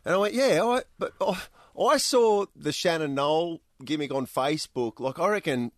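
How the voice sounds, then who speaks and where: A man's voice: on the high side, moderate pace, no echo, clean studio sound. A man co-hosting a radio show, chatting loosely with laughs and many restarts. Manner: laughing, stumbles and restarts, mimics comment voices. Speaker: radio co-host. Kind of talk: casual banter.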